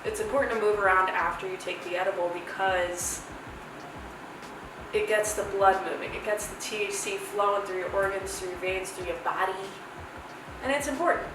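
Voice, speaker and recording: A woman's voice: mid-range voice, normal speed, background noise. A young woman hosting a casual review vlog, chatty, rambling and playful. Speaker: host reviewing edibles. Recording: echoey room from far off with music.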